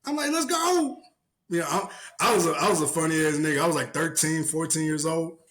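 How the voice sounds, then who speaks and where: A young man co-hosting a casual podcast, telling stories with lively, shouted quotes. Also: on the high side, quick pace, crowd noise. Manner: animated storyteller, acts out shouted quotes. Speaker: podcast co-host.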